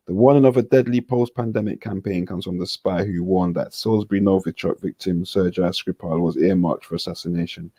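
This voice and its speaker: A man's voice: deep voice, fairly quick, dark tone, no room sound. A man reading a news article aloud on a panel chat, stumbling over names and making jokey asides. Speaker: panel host.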